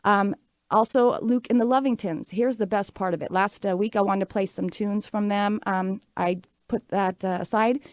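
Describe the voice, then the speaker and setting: A woman's voice: medium pitch, fairly even intonation, moderate pace, darkish tone, dry recording. A woman in her late forties hosting a talk show, telling stories in a chatty, upbeat way with many fillers. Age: 40s. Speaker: radio show host. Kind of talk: casual talk show monologue.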